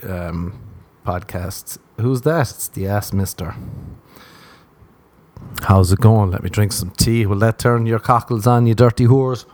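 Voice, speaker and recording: A young man hosting a solo comedy podcast, rambling with crude jokes. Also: medium pitch. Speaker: podcast host.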